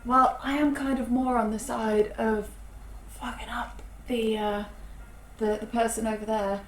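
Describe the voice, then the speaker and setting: A British woman at a tabletop game, hesitantly scheming out loud. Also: a little high, level tone, a little slow, roomy sound, a little hiss or hum, low-quality recording. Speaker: player. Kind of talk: tabletop role-play chat.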